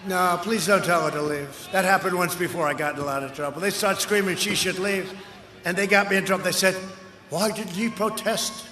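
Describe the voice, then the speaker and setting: An older man giving a campaign rally speech outdoors, boastful and rambling, with punchy repetitions, heard through a loudspeaker. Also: high-pitched, a little fast. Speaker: political candidate. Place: outdoor rally before a large crowd. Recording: echoey outdoor PA with crowd noise.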